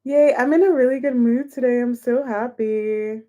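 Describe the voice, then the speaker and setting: A woman's voice: on the high side, normal speed, warm tone. A woman reading tarot on a livestream, counting aloud as she shuffles and chatting casually with her viewers. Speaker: tarot reader.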